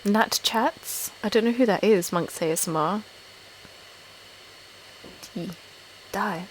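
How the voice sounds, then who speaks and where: A woman's voice: mid-range voice, takes it slowly, slight background noise, rough recording. Giggly English woman chatting live. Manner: giggly, filler-heavy, self-deprecating. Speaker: ASMR channel host on a live stream. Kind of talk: casual live-stream chat with viewers.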